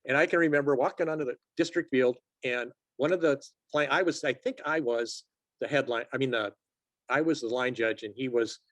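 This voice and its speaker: On a recording with no room sound, a sixty-something sports officials assignor speaks a little fast in a mid-range voice. As a guest in a relaxed interview, he spins lively stories and voices the quotes loudly.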